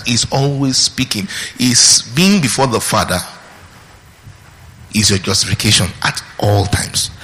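A man preaching a sermon, teaching through scripture with questions put to the congregation and pauses on key words. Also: medium pitch, a bit bright, in a large hall, poor audio.

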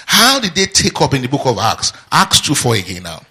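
A man's voice: mid-range voice, a little fast, husky. A man preaching a sermon, drawing call-and-response answers from the congregation. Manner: call-and-response, asks the congregation to finish his sentences; lively teaching with asides and laughter.

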